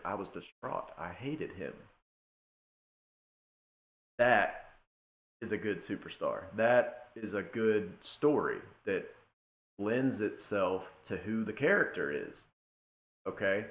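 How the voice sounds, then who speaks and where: Emphatic young man ranting in an echoey room. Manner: emphatic, swings from loud outbursts to low muttering. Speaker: wrestling commentator. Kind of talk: casual rant to camera.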